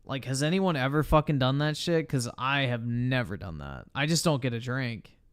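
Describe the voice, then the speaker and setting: A man's voice: medium pitch, animated, normal speed, clean tone. A man reacting on a live stream, talking in a crude, blunt way and swearing often.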